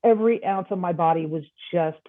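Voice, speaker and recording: A woman guest on a podcast, telling a personal story in a casual, animated way and acting out the dialogue. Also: lowish voice, fairly quick, no room sound. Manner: animated, acts out quoted dialogue. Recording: tinny phone-like line.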